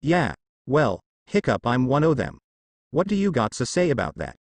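Man reading as a slurring, gruff old drunk builder, lively lilt, dry close sound. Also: mid-range voice, normal speed, no echo. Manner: slurred, drawling speech.

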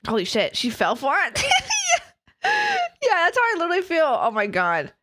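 A woman's voice: on the high side, wildly swooping pitch, moderate pace, fairly bright tone. A young adult woman streamer in casual live chat, laughing often and swearing freely as she reacts to videos.

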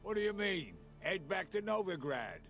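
A cocky schemer. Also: male voice, high voice, big pitch swings, normal speed, fairly bright tone, full character voice. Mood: scheming. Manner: slangy, cocky, rough. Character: crafty cheeky male schemer, adult. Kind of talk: video game dialogue. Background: game music.

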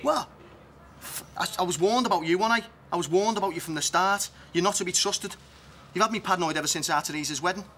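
A man's voice: high-pitched, quick pace, pushed and bright, a little hiss or hum. An actor playing a jealous, foul-mouthed man who rants and makes threats in a TV comedy. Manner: accusing, ranting, threatening.

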